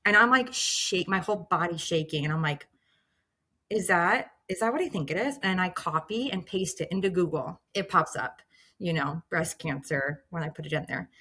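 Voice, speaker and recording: Bright-voiced woman in her thirties. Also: deep voice. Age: 30s. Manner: animated, acts out her own past reactions. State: near tears at times. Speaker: patient telling her story. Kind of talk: emotional personal storytelling.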